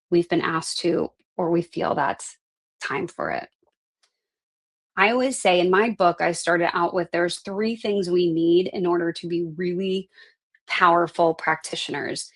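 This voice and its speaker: A middle-aged woman life coach teaching a live class, earnest and conversational, often tagging her points with "right?". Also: on the low side. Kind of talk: live online class talk.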